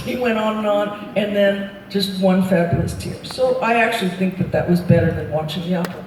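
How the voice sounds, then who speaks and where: A singer and actress in her 70s tells stories to a live crowd from a large arena stage, chatting, laughing, and voicing the other people in her tales. It's a distant, noisy audience recording with booming arena echo.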